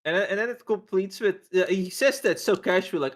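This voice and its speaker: A man chatting casually on a stream, retelling a story in a halting, rambling way. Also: high-pitched. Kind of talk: casual chat.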